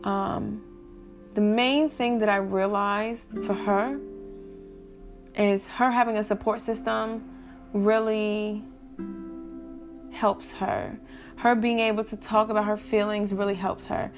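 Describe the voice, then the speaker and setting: A young woman talks openly and plainly to her audience in a casual vlog, her voice in an ordinary middle register. She keeps breaking off for hiccups. A soft guitar plays faintly behind her. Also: mid-range voice, fairly even intonation, takes it slowly, pauses often. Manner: candid, talks straight to viewers. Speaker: vlogger. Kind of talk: casual talk to camera.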